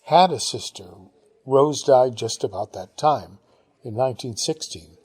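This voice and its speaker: A man reading an audiobook, voicing a genteel older Englishwoman who chats fondly about her childhood with brisk, upper-class exclamations. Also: medium pitch, expressive, darkish tone, breathy edge. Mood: reminiscing. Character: genteel older Englishwoman, chatty and fond of the past.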